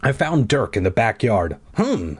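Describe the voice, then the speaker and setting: A man's voice: mid-range voice, normal speed, husky. A young man reading a children's story aloud in a casual, jokey way, adding cheeky profane asides. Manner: animated, jokey, swears in asides. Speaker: audiobook reader.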